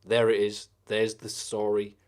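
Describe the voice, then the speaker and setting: A man's voice: lowish voice, completely flat delivery, unhurried, darkish tone, smooth. A man streaming live, chatting casually about films, with lots of swearing and rambling enthusiasm.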